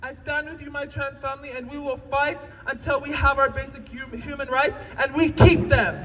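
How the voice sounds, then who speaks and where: A woman in her twenties from Utah giving an emotional rally speech, at times tearful and shouting to the crowd. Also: high voice, fairly even intonation, normal speed. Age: 20s. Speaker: rally speaker. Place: outdoor rally in a city. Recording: distant outdoor rally recording with crowd and echo. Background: crowd noise.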